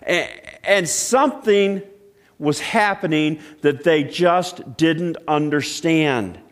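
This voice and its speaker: A man preaching a sermon, telling stories and asking questions, swinging between loud exclaiming and hushed, quiet passages. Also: on the high side, slow. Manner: storytelling with repeated restarts and rhetorical questions. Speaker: pastor.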